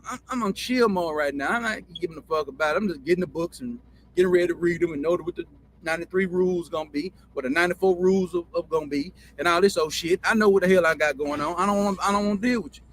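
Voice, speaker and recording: A man's voice: sits high, fast talker, a little hiss or hum, natural voice. A man acting out a furious, profane middle-aged football coach in a heated, defiant rant. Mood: angry.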